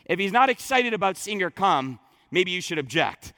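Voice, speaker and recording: A male pastor delivers a sermon in a high, bright voice, talking casually and restarting phrases as he goes. The sound is dry and close, with little room around it. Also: very animated, moderate pace, dry recording. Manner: conversational preaching with frequent restarts and asides.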